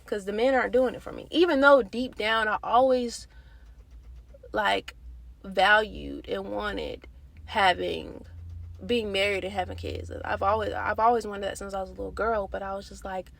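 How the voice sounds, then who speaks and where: Gravelly, bright-voiced young woman vlogger. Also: medium pitch, normal speed. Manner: candid, animated, slangy storytelling. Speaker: vlogger sharing a faith testimony. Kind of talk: casual testimony.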